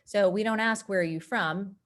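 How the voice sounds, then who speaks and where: A woman from North Texas, presenting an online workshop and acting out quotes in lively voices. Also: normal speed. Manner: animated, acts out quoted voices with big pitch jumps.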